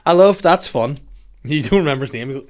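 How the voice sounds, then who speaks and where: Fast-talking Northern Irish man. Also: fairly high pitch. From Northern Ireland. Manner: animated storytelling, heavy swearing. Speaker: podcast host. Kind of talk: casual podcast chat.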